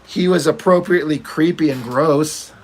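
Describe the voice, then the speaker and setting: A man's voice: a little high, normal speed. A man chatting casually while he draws, ranting and opinionated, swearing freely and trailing off into fillers. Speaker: artist working on a comic page. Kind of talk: casual rambling chat while drawing.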